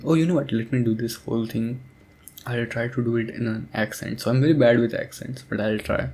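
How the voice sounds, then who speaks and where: Drowsy young man rambling softly. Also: medium pitch, fairly even intonation, brisk. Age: young adult. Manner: drowsy, hesitant, soft-spoken with many fillers. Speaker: audio creator. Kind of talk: sleepy rambling talk as a sleep aid.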